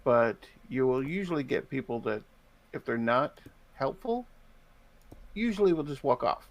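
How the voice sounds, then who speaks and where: An American man with a strongly gravelly, creaky voice co-hosts a casual game stream. He sits at a middle pitch and works through explanations of game mechanics at length, in a thoughtful, unhurried way. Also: lively intonation. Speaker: stream co-host. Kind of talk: casual live-stream chat.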